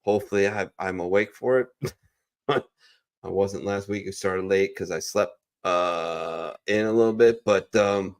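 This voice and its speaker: A man's voice: low-pitched, unhurried. A male host of a veterans' talk show wrapping up in a casual chat, rambling with fillers and restarts. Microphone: online call microphone.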